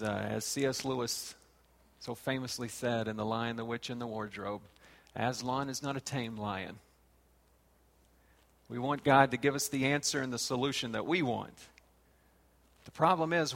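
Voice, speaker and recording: Gravelly male preacher in a hall. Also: medium pitch, fairly bright tone. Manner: rises and falls, reads scripture aloud. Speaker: pastor. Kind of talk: sermon. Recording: long hall reverb.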